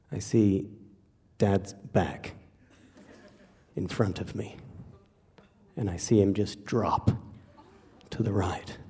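A man telling a true story live on stage, wry and animated, acting out the voices of the people he quotes. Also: fairly low pitch. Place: theater stage before an audience. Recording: reverberant hall.

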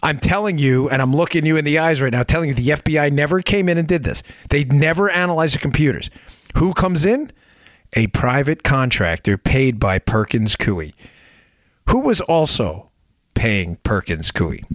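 A man's voice: on the high side, expressive, normal speed, no room sound, studio quality. A man hosting a political podcast, talking emphatically and sarcastically, firing rhetorical questions at his listeners. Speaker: podcast host. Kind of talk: political commentary monologue.

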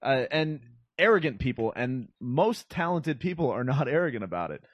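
A man's voice: medium pitch, very animated, no room sound, highs cut off. A man in a casual podcast chat, blunt and opinionated, drawing out his points. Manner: blunt, opinionated, drawn-out delivery. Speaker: podcast co-host.

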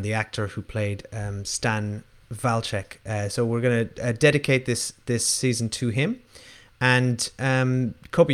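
A man co-hosting a podcast, upbeat and chatty with many fillers. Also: medium pitch. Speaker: podcast co-host. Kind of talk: casual podcast chat.

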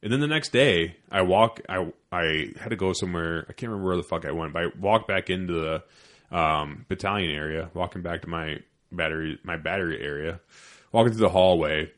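Man, thirties, podcast co-host, profane heated storytelling, lowish voice. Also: fairly quick, fairly bright tone. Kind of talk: casual chat.

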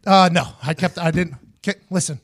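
Man, podcast host, fairly high voice, casual profane storytelling, acts out conversations. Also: moderate pace. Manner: animated, profane, acts out both sides of conversations.

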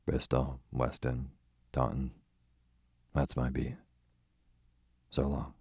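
A man voicing a brisk, bluff male police inspector who talks in a breezy, hearty, clipped way. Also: extremely low pitch, monotone, darkish tone, breathy edge, no echo, clean studio sound, full character voice.

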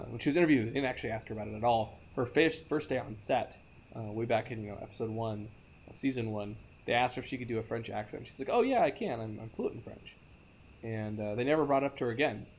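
A man co-hosting a casual podcast chat, talking eagerly with many restarts and stumbles. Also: mid-range voice. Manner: enthusiastic, halting with many restarts. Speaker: podcast co-host. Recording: dull lo-fi sound with faint noise.

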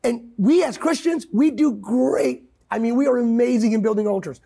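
Brief: male pastor guest, high gravelly voice, emphatic preaching cadence. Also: expressive, fast talker, dark tone. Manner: emphatic, quotes scripture, swings pitch widely. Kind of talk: impassioned preaching in conversation.

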